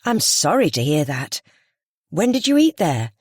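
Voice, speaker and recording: A woman's voice: sits low, big pitch swings, a little slow, breathy edge, dry recording, clean studio sound, exaggerated voice. A narrator voicing a polite, well-meaning amateur sleuth woman who speaks earnestly and apologetically. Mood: concerned.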